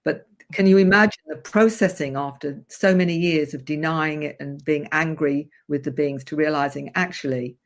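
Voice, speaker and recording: A woman's voice: sits low, steady tone, normal speed, hardly any pauses. A woman therapist, a guest on a radio show, earnestly recounting a client's story in vivid detail. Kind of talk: interview storytelling.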